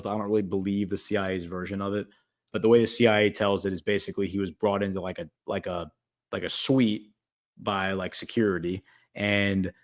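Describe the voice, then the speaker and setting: A man hosting a casual talk show, telling a long story full of fillers and acted-out quotes. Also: fairly low pitch. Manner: rambling, filler-heavy, acts out quotes. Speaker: podcast host.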